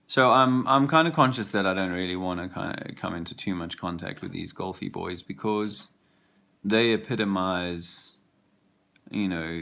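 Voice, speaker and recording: Brief: low, gravelly male vlogger, rambling and hesitant, walking outside. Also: pushed and bright. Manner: rambling, hesitant, full of fillers. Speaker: father, vlogger. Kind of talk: reflective walking vlog. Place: outdoors, walking a park path.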